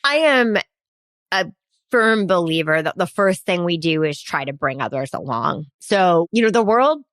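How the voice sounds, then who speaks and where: A woman CEO speaking as a podcast guest, animated, laughing easily and acting out quoted voices. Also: fairly low pitch, moderate pace, dry recording. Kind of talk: conversational interview.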